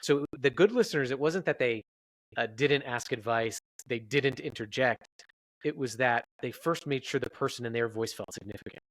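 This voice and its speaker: A man's voice: mid-range voice, normal speed, no echo, low-quality recording. A man, a researcher guest on a podcast interview, explaining his work in an earnest, explanatory way.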